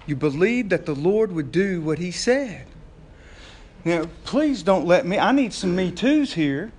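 A male pastor preaching a sermon in a folksy, conversational way and joking with his congregation. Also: high-pitched.

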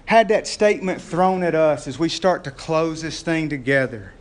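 Male pastor with a high voice, preaching a sermon, lively storyteller, laughs often, asks the congregation questions.

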